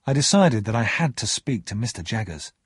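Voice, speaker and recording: A man reading a story aloud as narrator, measured and expressive. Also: on the low side, husky, no echo, clean studio sound.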